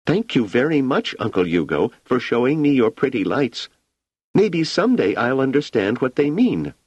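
A man voicing a sad, sulky little girl in a high, pleading child's voice. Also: very animated, normal speed, a little mellow, slightly rough, no echo, highs cut off. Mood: polite.

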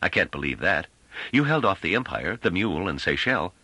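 A man voicing a blunt, skeptical man who questions forcefully and flares into anger. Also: low-pitched, sing-song, fairly quick, husky, dry recording, exaggerated voice. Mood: doubtful.

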